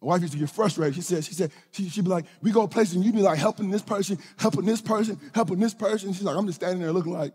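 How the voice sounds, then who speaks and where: A middle-aged male pastor, preaching a lively sermon that swings from shouts to hushed low lines. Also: quick pace, hardly any pauses, husky. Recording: hall reverb.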